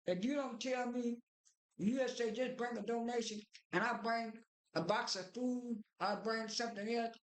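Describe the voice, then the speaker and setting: A woman's voice: fairly high pitch, fairly even intonation, normal speed. Rambling woman vlogger in an echoey room. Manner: rambling, with many restarts and fillers. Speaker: vlogger recapping a TV episode. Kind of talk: casual spoken recap.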